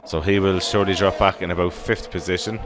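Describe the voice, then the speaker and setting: An Irish man giving live sim racing commentary in steady, informal play-by-play. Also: sits low, quick pace, background noise. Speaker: race commentator. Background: background music.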